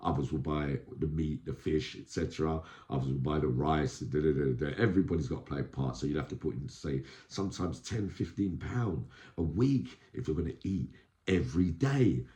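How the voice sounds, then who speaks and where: A man's voice: rumbling low, normal speed, echoey room. A man telling prison stories in a casual, slang-filled monologue, acting out what others said. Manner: animated, street slang, acts out quoted voices. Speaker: vlogger recounting prison life.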